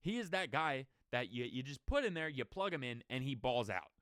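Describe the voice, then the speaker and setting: A man hosting a sports show alone, his pitch jumping up and down as he rants. He fires off opinions and rhetorical questions in a quick, worked-up run. The sound is dry and close, with no room around it. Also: clean tone, no echo. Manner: animated, opinionated, rapid-fire rant with rhetorical questions. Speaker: sports podcast host. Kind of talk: solo sports commentary.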